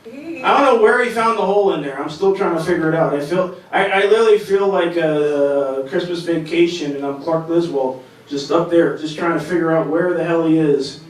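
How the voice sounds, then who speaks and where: A stand-up comedian with a fairly high voice runs through a rambling, self-deprecating open-mic set on a comedy club stage, stumbling and restarting as he goes. He talks a little fast, and the echoey club sound seems to come from far off.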